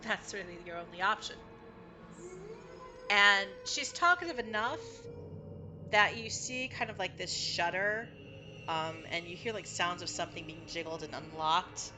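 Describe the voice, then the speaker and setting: A woman's voice: lowish voice, unhurried, over music. A woman narrating as game master of a tabletop game in a casual, descriptive way, with many fillers.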